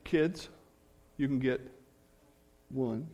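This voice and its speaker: A man's voice: mid-range voice, extremely slow, warm tone. A male pastor preaching a sermon in church, earnest, leaning hard on key phrases.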